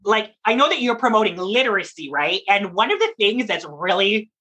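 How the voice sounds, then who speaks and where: A woman who performs in drag and reads at story time, chatting in a lively, playful interview and laughing often. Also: mid-range voice, brisk, slightly rough.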